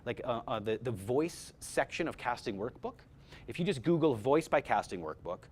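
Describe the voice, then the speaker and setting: A man leads a voice-over class in an easy, unscripted way, stumbling over and repeating his words as he goes. His pitch sits in a middle range for a man. A faint low rumble hums behind him. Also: moderate pace. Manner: energetic, repeats words, many fillers. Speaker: voice-over workshop instructor. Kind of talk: casual workshop talk. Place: workshop room with a group.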